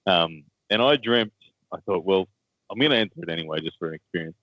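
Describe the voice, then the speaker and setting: A man's voice: sits low, animated, quick pace, dry recording, muffled recording. A man with an Australian accent, co-hosting a casual chat and telling a story, laughing often and repeating words as he goes. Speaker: co-host, armwrestler.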